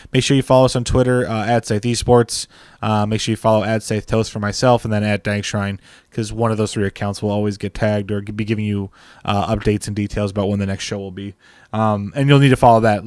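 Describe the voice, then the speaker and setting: A man's voice: fairly low pitch, a little mellow, clear, resonant tone, no room sound, clean studio sound. A man hosting a live stream, telling a rambling casual story full of "like" and filler. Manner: rambling, heavy use of "like". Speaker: stream host.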